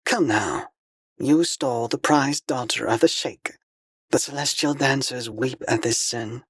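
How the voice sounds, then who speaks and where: A man's voice: medium pitch, a little slow, slightly rough, no room sound, pitched above the performer's own voice. A man voicing a blindfolded alien woman emissary, a serene fanatic who speaks in solemn ritual pronouncements. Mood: serene menace.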